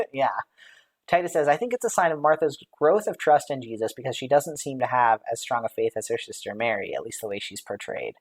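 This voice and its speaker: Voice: mid-range voice, lively intonation, a little fast. Chatty, rambling Bible study leader. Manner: chatty, thinks aloud with many fillers and light laughs; reads out viewer comments and responds to them. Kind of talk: casual live-stream Bible study discussion.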